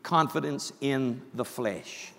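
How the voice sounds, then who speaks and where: A man preaching a sermon, swinging from soft, quiet asides up to loud shouted passages. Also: mid-range voice, slow pace, gravelly, long reverb tail. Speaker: pastor.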